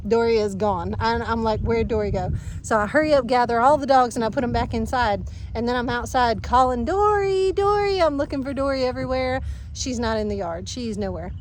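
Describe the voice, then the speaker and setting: A woman's voice: fairly high pitch, noisy background. Chatty woman telling a story. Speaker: farm vlogger. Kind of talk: casual storytelling to camera. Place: outdoors on a farm.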